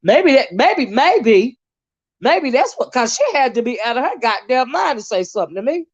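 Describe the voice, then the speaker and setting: A woman host ranting on a live stream, swearing heavily and swinging between shouts and mutters. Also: big pitch swings, normal speed, no echo, lo-fi sound. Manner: profane, heated, swinging pitch. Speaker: online commentator.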